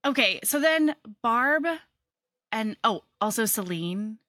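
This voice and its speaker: A woman co-hosting a podcast, chatting casually about a book with lively enthusiasm. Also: on the high side, slow pace, dry recording, studio quality. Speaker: podcast co-host. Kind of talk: casual chat.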